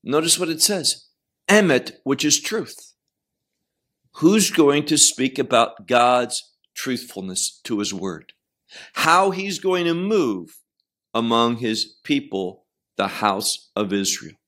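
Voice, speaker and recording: A man's voice: mid-range voice, expressive, fairly bright tone. A man teaching verse by verse through scripture, stressing key words and putting questions to his listeners. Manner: slow, emphatic, questions to listeners. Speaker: Bible teacher.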